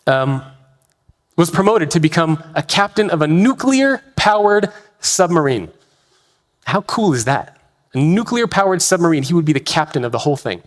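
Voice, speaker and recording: A man giving a keynote talk on leadership, telling a story in an animated way and acting out the dialogue. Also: high-pitched. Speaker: leadership speaker. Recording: reverberant hall.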